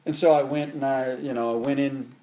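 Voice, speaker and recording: A middle-aged martial arts instructor, appearing as an interview guest, tells stories casually and quite quickly, with slight background noise. He rambles, restarts often, and uses fillers, and his voice leaps up in pitch and volume when he gets animated.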